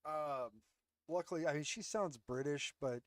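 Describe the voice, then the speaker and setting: This is a slightly high-pitched man speaking at normal speed on a dry recording. He hosts a casual commentary show from his home, ranting sarcastically and bluntly with heavy profanity into a close headset mic.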